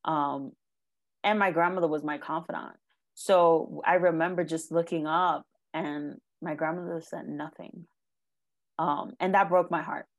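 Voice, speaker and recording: A young woman giving an emotional personal testimony in an interview, halting and earnest, near tears, with many ums and likes. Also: deep voice, steady tone. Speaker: guest sharing her life story.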